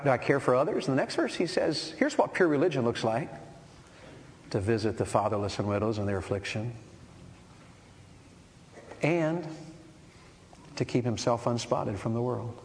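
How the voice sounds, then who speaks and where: A man preaching a sermon to a men's meeting, firing rhetorical questions and building to forceful emphasis. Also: mid-range voice, animated, unhurried, long pauses. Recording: echoey hall with long reverb and faint noise.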